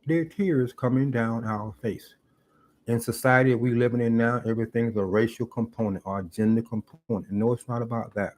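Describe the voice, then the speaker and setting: A middle-aged man records a thoughtful monologue from his parked car for his YouTube commentary, sounding sincere and a touch preachy as he repeats phrases for emphasis. His medium-pitched voice has a darkish tone, fairly even intonation, and a moderate pace.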